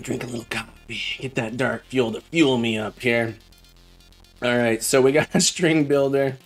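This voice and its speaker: A man's voice: mid-range voice, fairly even intonation, normal speed, faint music behind. A man live-streaming while he codes, chatting casually and thinking aloud as he debugs, with a self-mocking manner.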